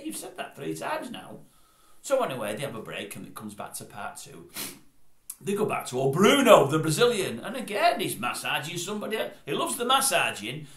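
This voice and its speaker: A man's voice: medium pitch, a bit bright, roomy sound. An older man gives a casual, rambling, self-correcting recap of a TV show. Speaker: online commentator.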